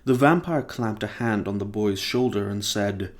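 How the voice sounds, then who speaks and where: A man's voice: fairly low pitch, normal speed. A man reading a novel aloud in a casual, plain storytelling manner. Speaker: reader.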